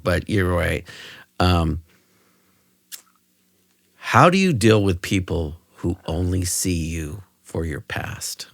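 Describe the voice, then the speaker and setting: Deep gravelly host guy, chill chat, calls his guest bro, dry close sound. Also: animated, takes it slowly, long pauses, no room sound. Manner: short backchannel replies, calls the guest bro. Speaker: podcast host. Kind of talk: casual interview chat.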